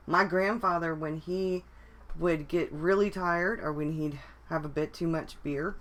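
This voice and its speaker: A woman with a fairly low voice chats casually on a livestream. She rambles along, restarting her sentences and filling pauses with ums and likes. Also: a bit bright. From United States. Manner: rambling, with many restarts and fillers. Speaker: vlogger. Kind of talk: casual live chat.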